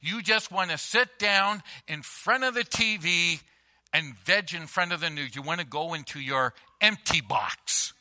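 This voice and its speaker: A male pastor preaches to his congregation in church, his voice on the high side, bright and forceful, with a slightly slow delivery. He tells everyday stories in an emphatic, conversational way, repeating phrases as he goes.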